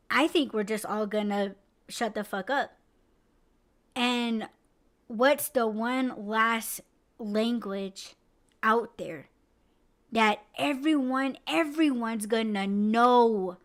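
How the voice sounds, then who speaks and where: A woman's voice: on the high side, slow, pauses often. A woman podcast host in casual chat, rambling with lots of fillers and swearing freely. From United States.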